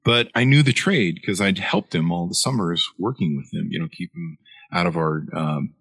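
A man's voice: sits low, normal speed, fairly bright tone, husky, no room sound. A middle-aged man, an author guest, telling a long story in an interview with many fillers and restarts.

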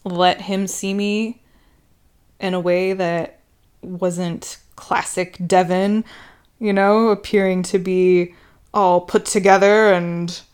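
A woman's voice: fairly low pitch, little pitch movement, slow, a little mellow, smooth. A woman hosting a podcast, speaking in a heartfelt, open and emotional way about relationships. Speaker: podcast host. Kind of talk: candid relationship podcast talk.

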